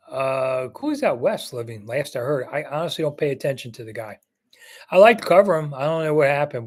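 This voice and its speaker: A man in his sixties, a sports reporter hosting a casual live chat, answering viewers in a blunt, rambling way with stories and fillers. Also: medium pitch. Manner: rambling, blunt, anecdote-telling with frequent fillers. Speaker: sports reporter and show host.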